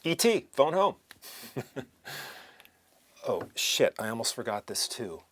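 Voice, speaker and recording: A man's voice: mid-range voice, sing-song, slow, fairly bright tone, full character voice. An actor playing a wry, flirtatious man who teases in an easygoing way, in a stage scene. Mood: teasing. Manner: teasing, wry.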